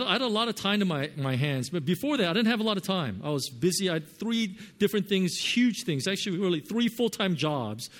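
This pastor's voice sits on the high side as he shares a personal story from the pulpit, his earnest delivery shifting animatedly from loud to quiet.

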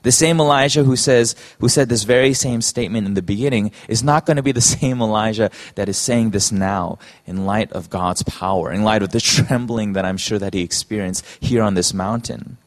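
A man preaching a sermon in an earnest, halting way, often restarting his phrases. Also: fairly low pitch.

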